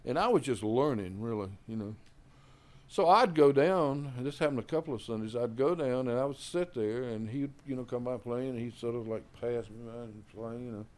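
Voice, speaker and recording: An older jazz musician speaks at a moderate pace in a slightly mellow voice, casually spinning long stories about his early days. He fills his talk with "you know" and "man," and when he quotes other people he acts out their lines in a raised pitch.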